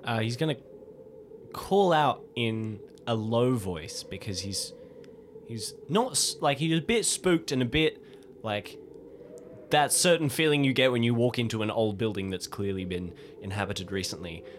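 A man's voice: medium pitch, unhurried, slight background noise. A man playing a tabletop game, casually describing what his character does, with hesitant fillers. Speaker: player.

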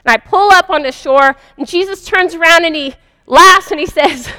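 This woman's voice is extremely high and sharp, moving at a moderate pace with hardly any pauses. She tells her own spiritual story earnestly and vividly, like a confession, in a recording with a big-room sound yet no echo.

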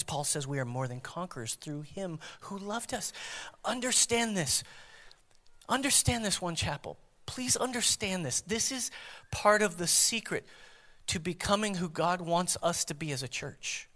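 A man preaching a sermon as pastor, swinging from loud emphatic calls to hushed near-whispers. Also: sits high, in a large hall.

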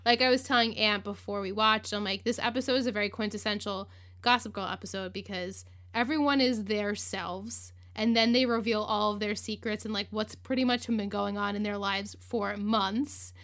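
Chatty woman host of a recap podcast, animated and quick to laugh, bright tone at a medium pitch. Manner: chatty, lots of "like", acts out quotes, laughs. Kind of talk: casual recap chat.

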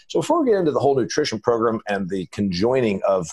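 A man's voice: on the low side, big pitch swings, fast, hardly any pauses, darkish tone, breathy edge. A man hosting a farm business podcast, talking in a chatty, emphatic, folksy way. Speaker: podcast host. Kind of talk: casual podcast chat.

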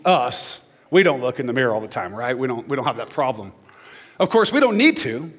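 A man's voice: a little high, a bit bright, long reverb tail. A man preaching a sermon in a church, talking casually and joking with the congregation. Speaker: pastor. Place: church stage.

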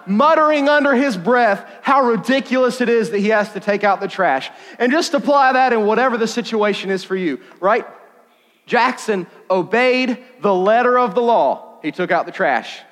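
High-voiced guy preaching, jokey and animated, big echoey church hall. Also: moderate pace. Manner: animated, jokey, with sudden loud bursts. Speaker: youth pastor. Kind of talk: sermon. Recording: long hall reverb.

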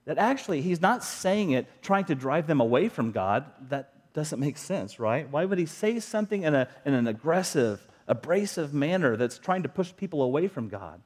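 A man's voice: fairly high pitch, sing-song, moderate pace, few pauses, a little mellow. A middle-aged man preaching a sermon as a pastor, talking to the congregation in an earnest, conversational way and asking rhetorical questions.

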